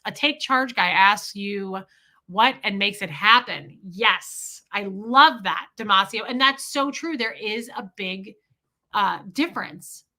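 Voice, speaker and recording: A woman's voice: mid-range voice, pushed and bright. A woman in her forties hosting a casual livestream, telling personal stories candidly with a sassy edge. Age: 40s. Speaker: livestream host.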